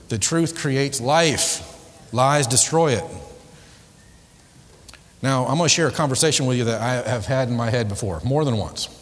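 A man giving a live motivational seminar talk with spiritual themes to an audience. He is emphatic and repetitive and keeps quizzing the audience. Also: medium pitch. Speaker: motivational speaker. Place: large hall before a live audience. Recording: echoey hall with long reverb.

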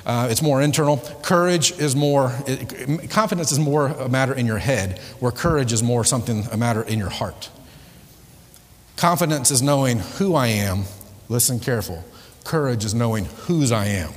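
A man's voice: medium pitch, moderate pace. Emphatic man speaking in an echoey hall. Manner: emphatic, repetitive, quizzes the audience. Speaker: motivational speaker. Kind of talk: live motivational seminar talk with spiritual themes. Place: large hall before a live audience. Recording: echoey hall with long reverb.

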